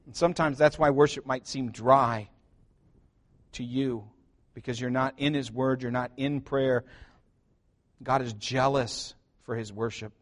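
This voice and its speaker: A middle-aged man preaching a sermon as pastor, joking and shifting between loud emphasis and quiet asides. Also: mid-range voice, steady tone, unhurried, pauses often.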